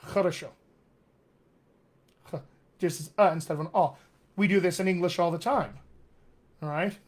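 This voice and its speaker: A man's voice: sits high, fairly quick. A man coaching accents in a live online session, demonstrating sounds and reading viewer comments with eager energy. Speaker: dialect coach.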